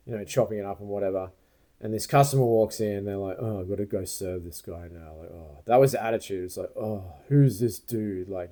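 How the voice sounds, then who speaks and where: Mellow-voiced man telling a grievance story. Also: medium pitch. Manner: rambling, aggrieved retelling with quoted asides. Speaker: vlogger. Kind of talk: casual storytelling to camera.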